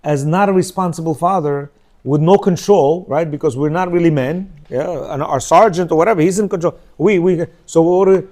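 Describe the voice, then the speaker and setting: A middle-aged man teaches in a relaxed, talky way. His voice sits fairly high for a man but sounds warm and mellow. He keeps asking "yeah?" to bring the listeners along. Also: a little fast. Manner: conversational, keeps checking in with "yeah?" and "you know"; acts out quoted speech in shifting voices. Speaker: religious teacher. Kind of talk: informal Torah lecture.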